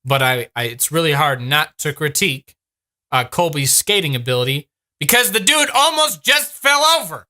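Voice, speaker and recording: A man's voice: on the high side, animated, normal speed, sharp tone. A man giving sarcastic, exasperated comedic reaction commentary as a YouTube host. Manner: sarcastic, exasperated, laughing at what he watches.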